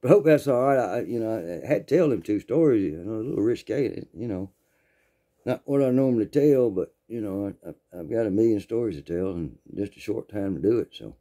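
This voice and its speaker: A man's voice: on the low side, expressive, brisk, warm tone. An older man in his sixties with a Southern accent, telling a funny story in a folksy, rambling way, often repeating his words. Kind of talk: casual spoken storytelling.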